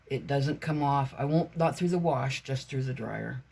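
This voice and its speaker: A woman's voice: a bass voice, normal speed, creaky, darkish tone, slightly rough. A woman vlogger chatting casually about her crafts, meandering and chatty with many fillers and self-corrections. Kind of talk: casual rambling vlog chat.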